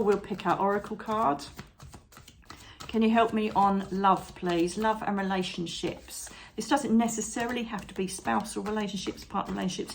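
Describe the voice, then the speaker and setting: A woman's voice: medium pitch, vocal fry, slight background noise. A woman doing a chatty tarot reading to camera, encouraging and fond of tag questions like "okay?". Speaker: psychic tarot reader.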